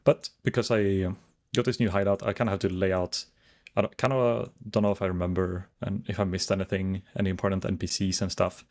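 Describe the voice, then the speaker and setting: A man's voice: sits low, flat delivery, a little fast, a little mellow. A man chatting casually to his viewers while streaming a game, rambling as he browses and reads chat.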